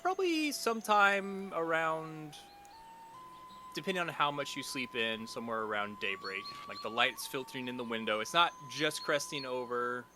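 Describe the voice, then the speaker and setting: A man's voice: mid-range voice, expressive, moderate pace, bright, forceful tone, soft background music. A man narrating as game master of a tabletop game, laughing often as he goes.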